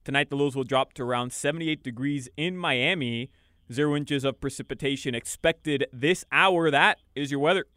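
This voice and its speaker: A man's voice: mid-range voice, normal speed, sharp tone, no echo, studio quality. A man co-hosting sports radio, reading game times, odds and weather in a matter-of-fact way. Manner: teasing, matter-of-fact reader. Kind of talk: reading scores and weather between banter.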